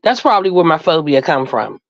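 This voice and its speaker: A woman's voice: deep voice, sing-song, fairly quick, no echo, highs cut off. Frank, laughing woman telling a story. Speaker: co-host. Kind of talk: casual chat on a live stream.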